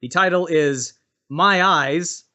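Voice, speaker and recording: A man's voice: on the high side, slow pace, pushed and bright. A man co-hosting a comedy podcast, reading out listener reviews with dry, wry asides in casual chat. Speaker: podcast co-host.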